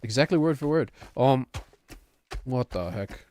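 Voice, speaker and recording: A man's voice: medium pitch, animated, measured pace, darkish tone, a little hiss or hum. A man streaming a game, chatting in a rambling, self-deprecating way. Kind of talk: casual chat while gaming.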